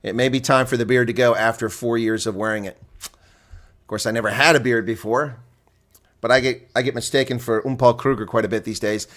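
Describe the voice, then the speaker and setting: A man doing live reaction play-by-play of a rugby match, leaping up in excitement at big plays. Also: medium pitch, brisk.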